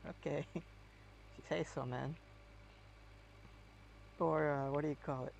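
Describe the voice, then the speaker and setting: A man's voice: on the high side, fairly even intonation, a little slow, gravelly, long pauses, darkish tone, highs cut off, slight background noise. A man chatting casually while playing a game. He rambles and hesitates, with many fillers. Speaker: game streamer.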